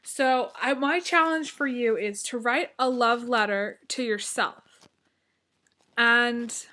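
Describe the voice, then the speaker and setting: Earnest woman tarot reader, slightly high voice. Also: takes it slowly, bright, forceful tone. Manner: earnest, heartfelt, chatty with many fillers. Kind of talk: casual vlog talk and reading a personal letter aloud.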